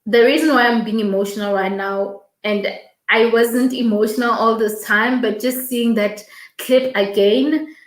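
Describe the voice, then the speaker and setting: A woman's voice: a little high, steady tone, measured pace, roomy sound, low-quality recording. A woman hosting a morning livestream, emotional and reading viewer comments aloud. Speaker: host. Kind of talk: casual livestream talk.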